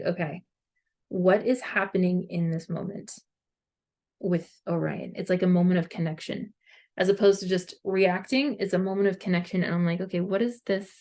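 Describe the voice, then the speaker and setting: A woman's voice: lowish voice, darkish tone. Earnest woman chatting about parenting. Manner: earnest, conversational, heavy use of "like". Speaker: parenting vlogger. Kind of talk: casual monologue to viewers.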